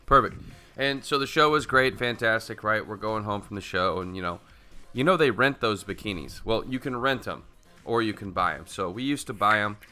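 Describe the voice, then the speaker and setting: A man co-hosting a podcast, telling stories in lively casual chat, laughing loudly and swearing freely. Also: lowish voice, normal speed, few pauses, faint music behind. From Texas. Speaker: podcast co-host.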